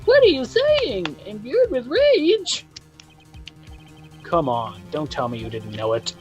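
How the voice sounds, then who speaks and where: A woman's voice: mid-range voice, huge pitch swings, takes it slowly, muffled recording, faint music behind. A woman voicing a boastful man with a put-on swagger, taunting and theatrical. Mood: smug. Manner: mocking, theatrical, says amigo. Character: boastful man with fake Spanish flair, playing detective. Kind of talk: dubbing game dialogue on a stream.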